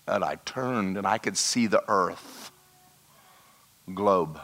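Guy preaching in a church, fairly low voice, tells his story and goes quiet and hushed for the big bits. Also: takes it slowly, pauses often. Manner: storytelling, dropping to a hushed voice for emphasis. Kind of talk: sermon with personal testimony. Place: church hall.

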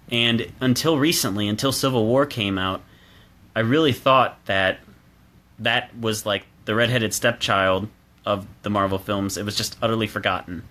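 A man's voice: mid-range voice, fairly bright tone. A man giving a casual, opinionated solo film review, chatty with restarts and fillers, recorded alone at home.

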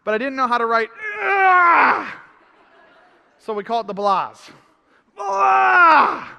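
High, bright pastor preaching in a hall. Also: male voice. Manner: emphatic, repeats phrases, cries out in frustration. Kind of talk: sermon. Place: church hall. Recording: long hall reverb.

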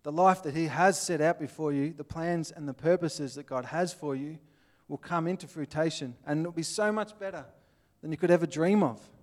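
Casting: Australian male preacher, plainspoken and earnest, voice slightly high. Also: moderate pace, hardly any pauses. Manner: earnest, plainspoken, acts out little scenes. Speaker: pastor. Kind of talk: sermon.

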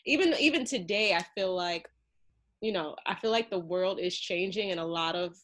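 Low-voiced woman hosting a podcast. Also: moderate pace, a bit bright. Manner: searching, filler-heavy questions. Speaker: podcast host. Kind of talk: casual interview.

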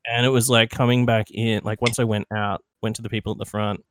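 A man's voice: fairly low pitch, level tone, a little fast, background noise. Rambling profane Australian guy. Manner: rambling, profane, with loud mimicked shouts. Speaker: podcast guest. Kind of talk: casual storytelling chat.

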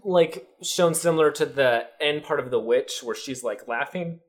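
A woman co-hosting a casual film podcast, explaining things haltingly with frequent restarts. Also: sits low. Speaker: podcast co-host.

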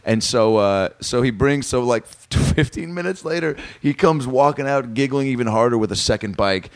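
A man's voice: mid-range voice, expressive, moderate pace, dry recording. A man on a comedy podcast, telling a rambling story and acting out the voices of the people in it. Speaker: comedian guest.

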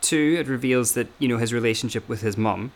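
A man's voice: medium pitch, a little fast. A man co-hosting a podcast, working through his points in casual analytical chat with many restarts. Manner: talks in repeated restarts. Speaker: podcast co-host.

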